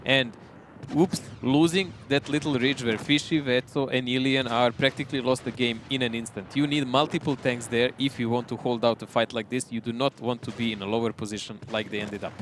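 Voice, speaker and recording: A man giving live analysis of an esports match, relaxed and analytical with frequent chuckles. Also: mid-range voice, fairly quick, slight background noise.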